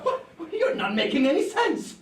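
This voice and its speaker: A man playing a touchy hypochondriac young landowner in a stage play, excitable and complaining of pains. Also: very high voice, normal speed. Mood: agitated. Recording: roomy, distant mic with faint noise.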